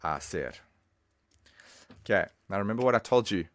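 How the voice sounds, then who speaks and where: A man's voice: lowish voice, animated, moderate pace, dry recording. A man giving a casual, chatty online language lesson, talking straight to the viewer. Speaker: language teacher.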